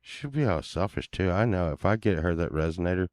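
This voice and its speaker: Man, low voice, dry close sound, laid-back mumbling chat, muttered curses. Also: expressive, a little fast, a little mellow, dry recording. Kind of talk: casual chat to viewers while browsing listings.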